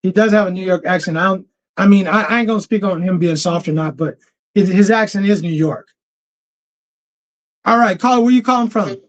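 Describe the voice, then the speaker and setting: A man's voice: high voice, brisk. A man hosting a casual livestream, talking loosely in slang with laughs and restarts. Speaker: livestream host. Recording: dull lo-fi stream audio.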